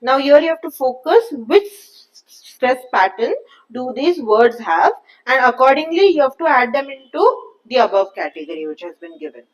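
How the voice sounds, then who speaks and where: A woman's voice: high-pitched, big pitch swings, normal speed, low-quality recording. A woman with an Indian English accent teaching an online English class, switching often between English and Hindi to explain grammar and pronunciation.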